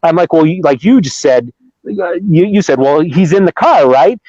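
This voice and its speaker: A man's voice: fairly high pitch, animated, normal speed, dark tone, no echo. A middle-aged man from Ohio, telling a story in a casual, rambling way, with restarts and acted-out quotes. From Ohio, USA. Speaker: Bigfoot researcher guest. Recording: dull lo-fi dry remote audio.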